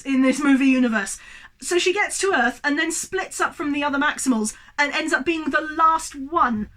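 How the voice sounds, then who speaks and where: A woman's voice: sits high, lively intonation, normal speed, a bit bright. A young woman reviewing a movie at home in front of a tripod camera, ranting in an exasperated, worked-up way and swearing freely.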